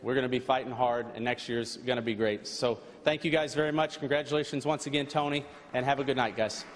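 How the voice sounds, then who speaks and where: A man, a race car driver, giving an earnest, halting thank-you speech at an awards banquet. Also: mid-range voice, steady tone. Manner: earnest, halting, with frequent restarts and fillers. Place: large banquet hall. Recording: long hall reverb, faint background noise.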